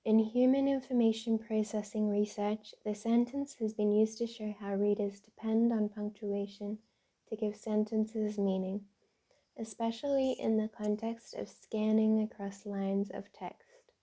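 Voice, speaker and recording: A woman doing a soft-spoken ASMR reading, carefully reading word puzzles and tongue twisters aloud, repeating the tricky lines. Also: mid-range voice, fairly even intonation, a little slow. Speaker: ASMR creator.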